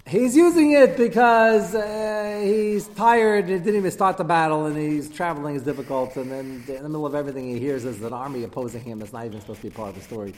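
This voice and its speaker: A man giving a Torah class lecture, taking questions and acting out the quotes he reads with quick asides. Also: fairly high pitch, darkish tone. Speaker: rabbi teaching a class. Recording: reverberant hall with faint background noise.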